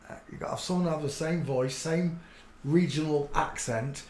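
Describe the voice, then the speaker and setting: A man talks his way through a solo livestream, mostly muttering low to himself. Now and then he breaks into loud, excited outbursts. He is blunt and crude, and the sound carries the echo of a roomy room with a faint hum underneath. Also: normal speed. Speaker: livestream host. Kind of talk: rambling solo livestream commentary.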